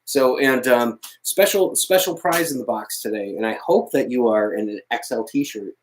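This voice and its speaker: A man's voice: medium pitch, moderate pace, a little hiss or hum, rough recording. A man co-hosting a casual podcast, joking around and laughing often. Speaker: podcast co-host. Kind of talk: casual banter.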